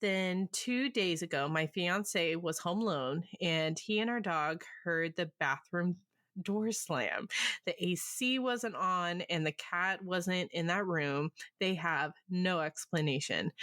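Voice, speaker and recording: A woman with a husky voice reading listener stories aloud on a podcast, laughing often as she goes. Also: fairly low pitch, takes it slowly, a bit bright, dry recording, studio quality. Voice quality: husky smoker's voice. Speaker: podcast co-host.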